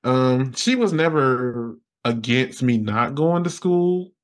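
A young man, a podcast guest telling a personal story in an animated way, laughing often and acting out his own past lines. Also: mid-range voice, slow pace.

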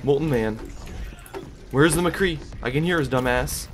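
A man's voice: mid-range voice, measured pace, fairly bright tone, a little hiss or hum. A young man casually commentating his own gameplay, hyped and joking, trash-talking and laughing. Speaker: gaming YouTuber.

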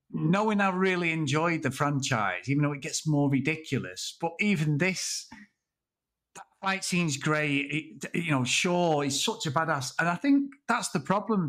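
A man's voice: on the high side, a bit bright. Rambling, laughing man in casual chat. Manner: rambling, laughing, swears freely. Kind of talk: casual film discussion.

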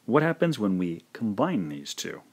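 A man's voice: fairly low pitch, very animated. A man teaching a language lesson, carefully pronouncing syllables one by one in a scripted instructional narration. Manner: slow, careful syllable-by-syllable pronunciation drills.

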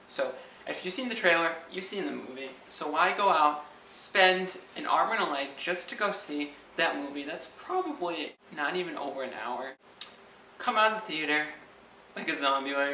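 Guy ranting sarcastically on his vlog, bright voice, sounds far from the mic. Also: on the high side, lively intonation, normal speed. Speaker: vlogger. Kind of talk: comedic vlog rant. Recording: echoey room, distant from mic, faint background noise.

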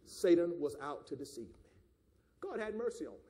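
A man with a Southern American accent preaching a fiery sermon, breaking into shouts and call-and-response with the congregation. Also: a little high, big pitch swings, brisk. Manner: Southern preacher cadence with calls of "my God" and "do you understand". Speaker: pastor.

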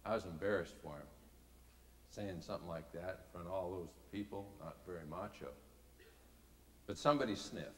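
A middle-aged man preaching a sermon as a folksy, animated story, swinging between quiet asides and loud peaks. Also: low-pitched, normal speed, pauses often, a little hiss or hum. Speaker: speaker. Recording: reverberant hall.

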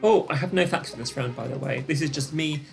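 A woman's voice: sits low, fast, vocal fry, soft background music. Chatty British woman hosting a live quiz. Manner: chatty, gossipy, with excited gasps and many fillers. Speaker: quiz host. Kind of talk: live-stream trivia hosting.

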